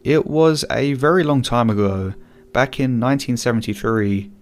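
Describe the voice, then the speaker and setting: Man, mid-pitched voice, calm story narration, soft background music. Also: normal speed. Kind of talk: scripted narration.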